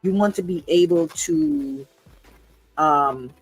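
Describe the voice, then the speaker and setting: A woman's voice: low-pitched, unhurried, fairly bright tone, dry recording, poor audio. Emotional woman hosting a live podcast. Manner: emotional, earnest, repeats herself. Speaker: podcast host. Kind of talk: unscripted livestream talk.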